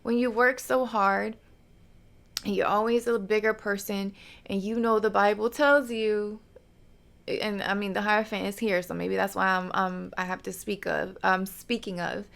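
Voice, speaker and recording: Chatty woman with a gravelly voice. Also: mid-range voice, level tone, moderate pace, fairly bright tone. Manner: chatty, laughs often, emotional, addresses viewers as y'all. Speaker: tarot reader. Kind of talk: casual tarot reading to viewers.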